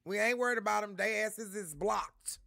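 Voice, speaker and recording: Man, high bright voice, livestream host chatting to viewers. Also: moderate pace, creaky, no room sound, clean studio sound. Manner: addresses chat directly, repeats himself. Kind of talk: livestream chat talk.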